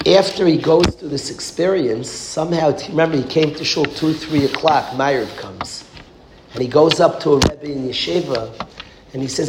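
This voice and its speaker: A man's voice: fairly high pitch, normal speed. Emphatic preaching man in echoey room. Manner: emphatic, repetitive, swings from hushed to loud. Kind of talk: storytelling sermon. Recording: echoey room with background noise.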